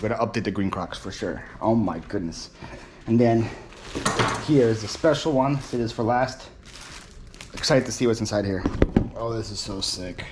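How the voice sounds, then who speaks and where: A young man chatting excitably to camera in a casual vlog, thinking aloud as he opens mail at home. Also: lowish voice, a little hiss or hum. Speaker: reselling vlogger. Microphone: phone camera.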